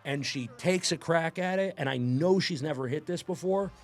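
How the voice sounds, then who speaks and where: Fired-up, cursing man, fairly high voice. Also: moderate pace, music in the background. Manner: excitable, emphatic, heavy swearing. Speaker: powerlifting coach and handler. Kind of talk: excited reaction commentary.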